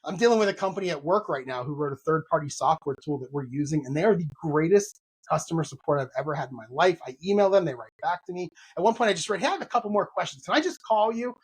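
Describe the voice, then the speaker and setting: A man co-hosting a casual podcast, telling animated stories and venting about bad customer service. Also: fairly high pitch, quick pace, slightly rough. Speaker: podcast co-host.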